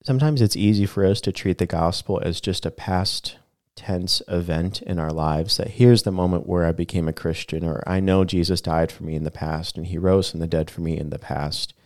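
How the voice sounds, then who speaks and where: A man with a very low voice, a pastor reflecting on a sermon in casual conversation. He talks in a soft-spoken, thoughtful way. The sound is close and dry. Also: moderate pace, no echo. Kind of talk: casual podcast chat about a sermon.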